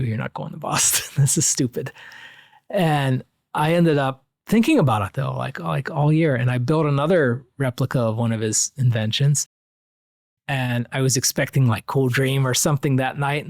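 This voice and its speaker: A man's voice: mid-range voice, gravelly, a little mellow, dry recording, clean studio sound. A middle-aged American man who collects antique electrical machines, telling a long personal story in a rambling way, full of "like" fillers. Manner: rambling anecdotal, frequent "like" fillers. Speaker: museum curator. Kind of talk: casual storytelling.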